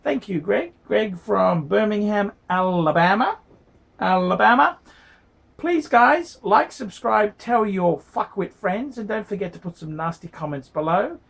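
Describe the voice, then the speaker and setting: Blunt, profane man with a gravelly voice. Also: high voice, animated, moderate pace, hardly any pauses. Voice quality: blunt, profane, repeats himself. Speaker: watch reviewer YouTuber. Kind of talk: casual paid video review.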